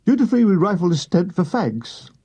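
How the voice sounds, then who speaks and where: Husky, lively male audiobook narrator. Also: high voice, a little fast. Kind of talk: audiobook reading of a comic war memoir.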